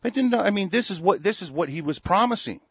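A man's voice: high-pitched, animated, brisk, husky, dry recording, highs cut off. A man in an angry, profane political rant, heated and repetitive.

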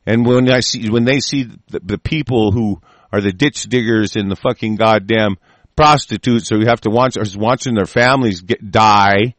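A man's voice: lowish voice, normal speed, a bit bright, dry recording. Man in a heated, profane rant. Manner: heated, profane, repeats and restarts. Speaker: host.

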